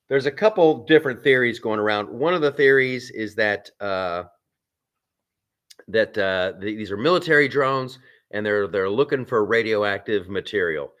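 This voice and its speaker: A man's voice: on the low side, expressive, moderate pace, a bit bright. A man hosting a live stream from a film set. He chats casually, reads out viewer comments and rambles with restarts and asides.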